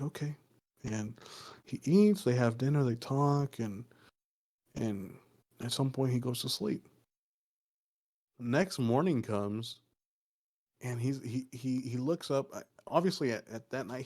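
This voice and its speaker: Unhurried and prone to long pauses, this male podcast co-host has a medium-pitched, darkish voice. He casually recounts a folk story, full of profanity and rambling fillers.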